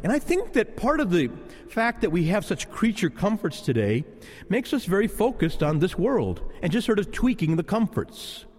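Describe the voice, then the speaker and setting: A man, a Catholic priest, giving a sermon in conversational style, slowing to hushed, prayerful passages. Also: high-pitched, husky, big-room sound. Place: church during Mass.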